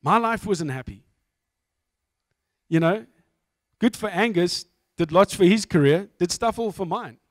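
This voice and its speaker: A man's voice: high-pitched, lively intonation, a little slow, pauses often, dry recording, studio quality. A middle-aged man from South Africa with a South African accent, giving a candid, self-mocking testimony talk as a guest speaker.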